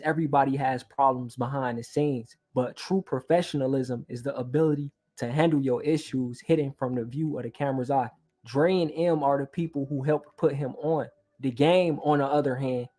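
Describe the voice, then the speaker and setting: Man narrating a commentary, mellow tone. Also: medium pitch, steady tone, moderate pace. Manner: argumentative, explains step by step. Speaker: commentary channel host.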